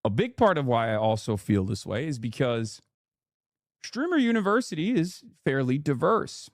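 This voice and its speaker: A man's voice: mid-range voice, big pitch swings, moderate pace, no room sound, clean studio sound. A man in a played clip, speaking casually and thoughtfully, now and then trailing off. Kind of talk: casual talk.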